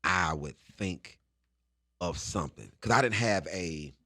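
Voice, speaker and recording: A man's voice: low-pitched, a little slow, no echo. A male comedian telling stories from his past as a guest in a studio interview, acting out the scenes. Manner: animated storyteller acting out scenes. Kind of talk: storytelling interview.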